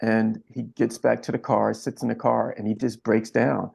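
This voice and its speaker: A man from Philadelphia, a camera operator being interviewed, telling a story in an earnest, reflective way and pausing often. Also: mid-range voice, little pitch movement, vocal fry, darkish tone, slightly rough. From Philadelphia, USA.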